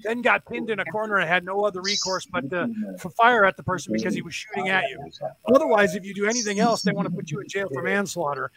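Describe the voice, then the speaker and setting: A man in casual podcast chat, an animated storyteller who acts out the people he quotes. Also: high-pitched, fast talker, crowd noise. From California. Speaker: podcast co-host.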